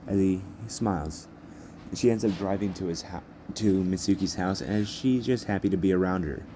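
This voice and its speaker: A man's voice: deep voice, moderate pace, dark tone, a little hiss or hum. A man narrating an improvised fan story in a rambling, repetitive way with many restarts.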